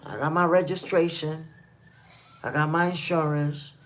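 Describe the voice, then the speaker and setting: A man's voice: on the high side, little pitch movement, measured pace, a bit bright, a little hiss or hum. A man from New City, hosting a live stream and giving casual commentary while reading the chat, emphatic and repetitive. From New York City. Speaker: livestream host.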